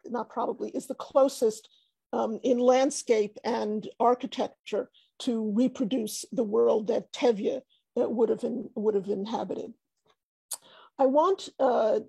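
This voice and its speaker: Woman academic speaker, slow, gravelly and husky, hesitant; video call audio, dry. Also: fairly high pitch, warm tone, dry recording. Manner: hesitant, many fillers and restarts. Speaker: academic panelist. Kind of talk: academic talk over screen share.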